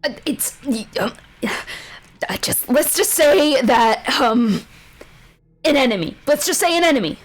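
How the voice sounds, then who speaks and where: A woman voicing a haunted woman adventurer who swears and shouts in desperation. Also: high-pitched, animated, unhurried, pauses often, pitched above the performer's own voice. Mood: hesitant.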